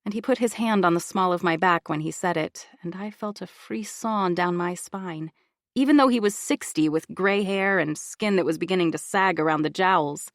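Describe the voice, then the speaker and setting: A woman reading a first-person audiobook thriller in an expressive, confiding inner-monologue style. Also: on the low side, normal speed, no room sound, studio quality. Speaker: audiobook narrator.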